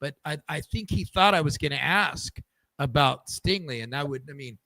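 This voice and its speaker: A man's voice: on the high side, animated, moderate pace, bright, forceful tone, no echo. A man hosting a podcast in casual chat, telling stories with many restarts and repeated words. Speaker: podcast host.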